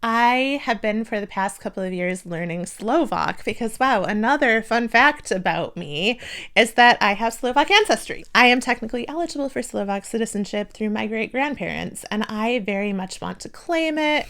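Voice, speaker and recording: A woman's voice: medium pitch, a bit bright. A young woman from the United States, talking casually to camera in a self-deprecating vlog, laughing often and filling with "like". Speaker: vlogger.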